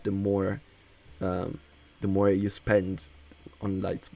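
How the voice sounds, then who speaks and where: A man's voice: fairly low pitch, sing-song, slow pace, vocal fry, darkish tone. A man who is not a native English speaker chats casually as a streamer while building in a game, laughing often and reading chat aloud.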